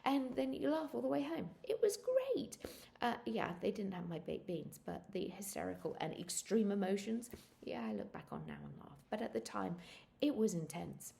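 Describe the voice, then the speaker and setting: A woman in her thirties casually telling animated stories, laughing and jumping into high squeals when she acts out what people said. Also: normal speed, vocal fry. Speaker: vlogger sharing pregnancy experiences. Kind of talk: casual storytelling.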